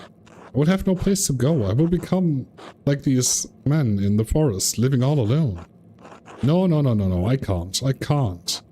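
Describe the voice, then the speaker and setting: Timid young male monk, read by a man, fretful, pleading, mellow tone, slight background hiss. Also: lowish voice, very animated, moderate pace. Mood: panicked.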